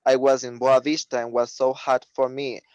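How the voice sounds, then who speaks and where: A man whose first language is Spanish, talking in a halting way with many fillers in a casual online discussion during a webinar. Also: mid-range voice, little pitch movement, a little mellow, clean tone, no echo, muffled recording. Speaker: webinar participant. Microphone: video call.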